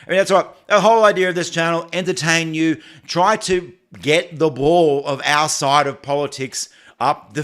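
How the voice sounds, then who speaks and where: An Australian man with a mid-range voice hosts a casual livestream, chatting and answering viewer comments. He speaks haltingly, often restarting and repeating phrases.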